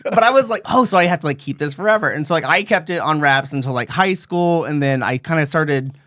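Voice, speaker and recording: A young man tells a personal story on a podcast in loose, chatty speech, his voice sitting a little high. He mimics the people in his story with sharp leaps up in pitch. The sound is dry and close to the mic. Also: brisk, no echo. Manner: animated storyteller, acts out voices with big pitch jumps. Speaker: podcast co-host. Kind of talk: casual storytelling chat.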